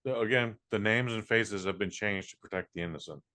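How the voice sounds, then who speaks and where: Chatty man with a low voice. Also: pushed and bright. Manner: chatty, quick to agree, breaks in with corrections. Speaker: podcast co-host. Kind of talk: casual chat.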